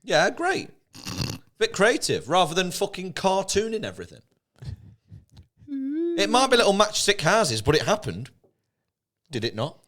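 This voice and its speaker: Animated sweary man. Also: sits high, unhurried, long pauses. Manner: animated, sweary, impersonates people mid-story. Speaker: podcast co-host. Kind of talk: casual pub-style banter.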